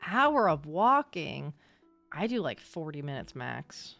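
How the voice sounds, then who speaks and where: A young woman livestreamer chatting casually and excitably with her viewers, swearing now and then. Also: low-pitched, takes it slowly, gravelly, no room sound, faint music behind. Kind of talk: casual chat with live chat.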